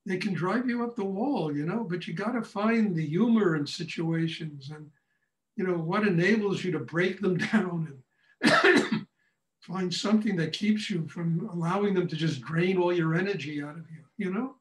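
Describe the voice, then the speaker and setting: An older man teaching a meditation class, telling stories in a blunt, animated way, often breaking into laughter. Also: sits high, normal speed, slight background noise. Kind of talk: storytelling lecture. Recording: echoey room, far from mic.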